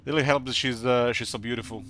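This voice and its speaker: A man's voice: mid-range voice, fairly even intonation, a bit bright, slight background noise. A man streaming a video game live, chatting casually and rambling with lots of fillers. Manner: rambling, halting with many fillers. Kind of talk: casual live gaming commentary.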